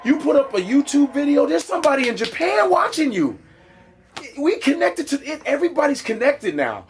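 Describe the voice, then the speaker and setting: A man, a stand-up comedian being interviewed, telling stories in an animated, profane style with street slang. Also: extremely high pitch, moderate pace. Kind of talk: casual interview storytelling.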